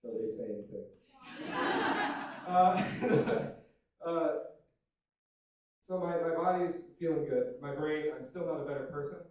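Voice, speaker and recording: A young man doing a stand-up comedy set, self-deprecating and deadpan, with loose fillers and swearing. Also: fairly high pitch, unhurried, pauses often, slight background noise. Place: comedy club stage with audience laughter. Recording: very echoey room, from some distance. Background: audience laughter.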